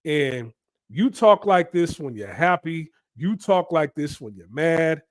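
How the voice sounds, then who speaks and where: A man holds forth on his commentary channel in an emphatic, lecturing way, pausing to ask his listeners "right?". His voice sits a little high for a man. The sound is dry and close. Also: animated, no echo. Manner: emphatic and preachy, keeps asking "right?". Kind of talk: opinion commentary monologue.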